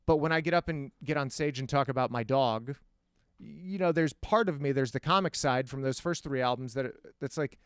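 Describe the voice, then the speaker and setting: A male comedian chatting as a podcast guest, telling animated stories and slipping into acted voices. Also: mid-range voice, brisk, clean tone, no echo, studio quality. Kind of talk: casual podcast conversation.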